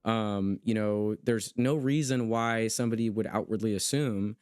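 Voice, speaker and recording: A man's voice: on the low side, steady tone, normal speed, darkish tone, clear, resonant tone, no room sound, clean studio sound. A man hosting a livestream conversation with a guest, talking in an emphatic, impassioned way and reading out chat comments as he goes. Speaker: livestream host interviewing a guest.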